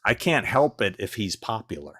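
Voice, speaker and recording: A middle-aged man with a very low voice tells stories in a blunt, exasperated way. He is recorded close and dry, with no room sound. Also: sing-song, normal speed, bright, forceful tone, breathy edge, dry recording. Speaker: guest. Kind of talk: casual anecdote telling.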